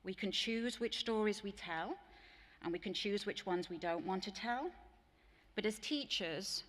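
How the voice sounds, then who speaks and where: Speaking at a measured pace with a slightly bright, mid-range voice, a woman with an English accent gives a plenary talk to teachers. Her keynote is full of earnest stories, and she imitates voices in quoted exchanges. A long reverb from the large conference hall is audible.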